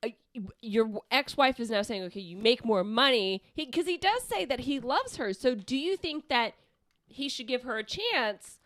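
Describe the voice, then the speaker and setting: A young adult woman co-hosting a comedy podcast, loud and playful, steering the chat back to the listener question. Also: on the high side, animated, moderate pace, no room sound, clean studio sound. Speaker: podcast co-host.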